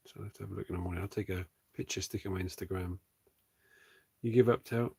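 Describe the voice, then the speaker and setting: A man chatting casually and softly with viewers on a livestream while he paints a model. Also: low-pitched, monotone, racing, creaky, husky. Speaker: streamer and miniature sculptor.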